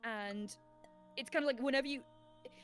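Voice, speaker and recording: A woman's voice: high-pitched, a little fast, a bit bright, faint music behind. A woman telling long, rambling stories in casual chat, laughing often.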